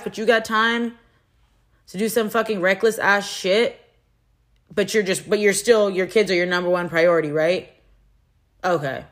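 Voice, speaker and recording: A woman's voice: mid-range voice, a bit bright. Young woman venting angrily. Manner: heated, frustrated and profane; rambling with restarts and frequent "like". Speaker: vlogger. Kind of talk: personal venting vlog.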